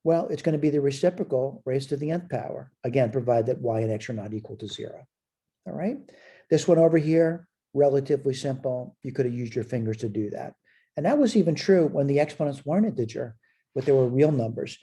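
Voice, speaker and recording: A man's voice: mid-range voice, animated, brisk, mellow, slightly rough. A man teaching a recorded college math lecture. He asks questions and answers them himself, and he repeats short phrases as he points things out on the board.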